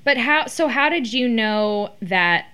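A woman hosts a relaxed interview. She asks chatty follow-up questions in an ordinary mid-range voice. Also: fairly high pitch, takes it slowly, clean tone. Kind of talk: casual interview.

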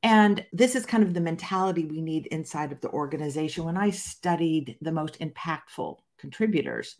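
A woman's voice: sits low, moderate pace, darkish tone. A woman guest in a conversational interview, explaining her research fluently and with emphatic stresses.

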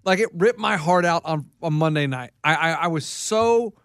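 A man's voice: on the high side, moderate pace, vocal fry, a bit bright, dry recording, clean studio sound. A man co-hosting a casual sports podcast, boastful and frustrated, often stammering and restarting. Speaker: podcast co-host.

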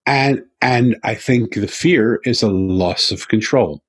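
Earnest male guest, lowish husky voice, dry recording, repetitive emphatic delivery. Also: slow, no room sound. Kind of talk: storytelling in interview.

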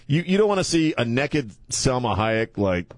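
A man's voice: medium pitch, sing-song, very noisy. An older man hosting a talk radio show, joking about himself and then telling a news story with many fillers. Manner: joking and self-mocking, halting with many fillers when reading stories. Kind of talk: casual talk radio banter and news commentary. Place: radio studio. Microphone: studio microphone.

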